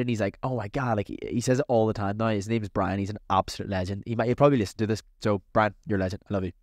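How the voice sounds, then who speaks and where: A man hosting a casual advice podcast as a coach, talking in an energetic, chatty, motivational way. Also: on the low side, no echo, clean studio sound.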